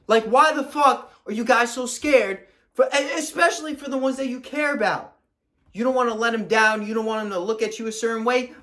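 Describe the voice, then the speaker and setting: A man's voice: extremely high pitch, a bit bright. A young man, a fitness coach, ranting to camera in a blunt, profane, confrontational way.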